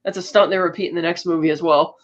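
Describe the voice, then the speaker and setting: A woman's voice: lowish voice, steady tone, quick pace, lo-fi sound. A woman co-hosting a podcast, casually recapping a film's plot with lots of fillers and restarts. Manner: chatty, with frequent fillers and restarts. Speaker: podcast co-host.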